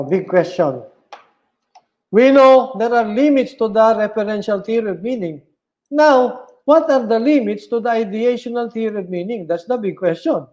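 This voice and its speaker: A man lectures on philosophy at a slow, careful pace, repeating each term and checking in with his listeners. His voice sits high for a man. The recording is dull and lo-fi. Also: warm tone. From Philippines. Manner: slow and deliberate, repeating key terms and checking with "all right?". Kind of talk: online lecture.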